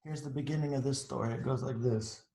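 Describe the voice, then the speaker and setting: A man's voice: medium pitch, steady tone, fast talker, warm tone, reverberant, low-quality recording. A man reading a picture book aloud to children, chatting about the pictures as he goes. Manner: chatty, adds asides to the pictures. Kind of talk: storytime read-aloud.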